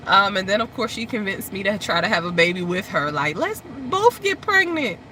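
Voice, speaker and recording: A woman hosting a casual chat, telling stories in an animated way and laughing often. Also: medium pitch, fast, slight background noise. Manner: animated storytelling, laughs often, squeals in excitement. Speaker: host.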